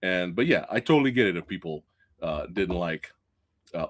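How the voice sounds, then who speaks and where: A man hosting a live-stream movie review show, chatting casually with viewers, excitable and swearing freely. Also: low voice, moderate pace. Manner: chatty, addresses viewers directly.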